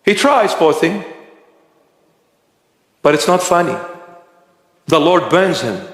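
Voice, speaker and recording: Slow, high-pitched preaching bishop in echo. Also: male voice, animated, a bit bright. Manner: impassioned, rhetorical questions, dramatic pitch swings. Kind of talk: sermon. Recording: echoey church hall reverb.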